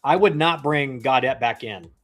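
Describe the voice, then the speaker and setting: A man in his thirties who used to play pro baseball chats his way through a live game on a livestream, rambling and tossing in slangy asides. His voice sits in the mid range at a moderate pace, with soft music in the background.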